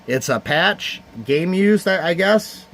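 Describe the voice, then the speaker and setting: A man's voice: high-pitched, animated, slow, fairly bright tone, slight background noise. A man from the Cleveland area hosting a casual livestream charity card auction, heartfelt and rambling as he thanks viewers by name. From Cleveland area, United States.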